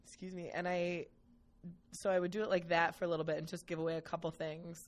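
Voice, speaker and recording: Lively, self-mocking young woman on a podcast. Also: on the low side, fast talker. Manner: animated, self-mocking, swears freely. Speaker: podcast guest, comedic performer. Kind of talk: casual chat.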